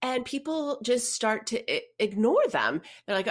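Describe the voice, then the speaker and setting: A woman co-hosting a podcast, chatting casually and telling stories in an expressive way, often laughing. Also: fairly high pitch, measured pace. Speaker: podcast co-host. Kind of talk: casual chat.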